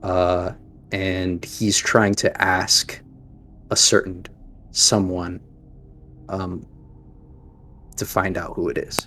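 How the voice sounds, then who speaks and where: A man's voice: low-pitched, flat delivery, takes it slowly, pauses often, sharp tone. A man narrating a tabletop game as game master, hesitant and full of fillers.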